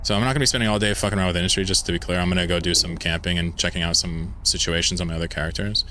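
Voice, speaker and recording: A man's voice: deep voice, steady tone, very fast, bright, forceful tone, slight background noise. A man from Pennsylvania with a mid-Atlantic American accent, rambling and joking while streaming a game and reading chat aloud. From Pennsylvania, United States. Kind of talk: casual live-stream chat while gaming.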